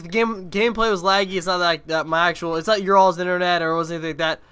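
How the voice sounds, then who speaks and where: A man's voice: sits high, bright, forceful tone, smooth. A young man giving casual gameplay commentary on his own video, rambling and swearing freely. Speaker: gaming video creator.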